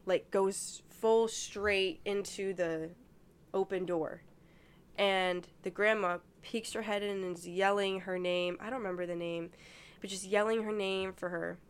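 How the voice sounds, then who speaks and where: Chatty young woman recounting a dream. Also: mid-range voice. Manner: rambling, heavy use of "like". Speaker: podcast co-host. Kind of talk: casual chat, telling a dream.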